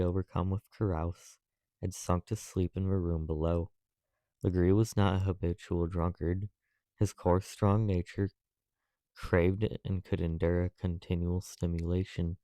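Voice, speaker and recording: A man reading a classic novel aloud as an audiobook narrator, measured and even. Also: low-pitched, smooth, no room sound.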